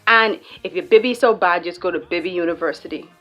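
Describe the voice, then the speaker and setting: A young woman with a Bahamian accent talks straight to camera in a casual vlog. Her voice sits a little low. She jokes freely and acts things out as she explains. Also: fast talker, soft background music. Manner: playful, joking, animated storytelling. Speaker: YouTuber.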